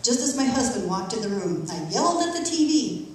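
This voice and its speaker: A middle-aged woman earnestly reading her personal testimony aloud in a church, emotional but measured. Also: a little high, big pitch swings, darkish tone. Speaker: church member giving testimony. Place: church sanctuary. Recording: echoey church from far off.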